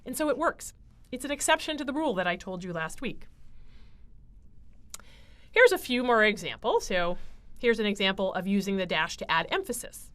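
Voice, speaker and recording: Lively woman teaching writing. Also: mid-range voice, moderate pace, long pauses. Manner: lively, explanatory, with frequent fillers. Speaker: writing instructor. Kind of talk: lecture.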